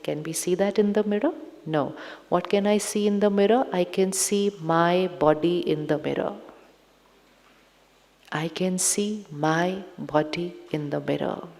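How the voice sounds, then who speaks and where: A woman giving a spiritual talk to an audience, speaking slowly, repeating phrases and asking listeners questions. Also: on the low side, mellow. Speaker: spiritual teacher. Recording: long hall reverb.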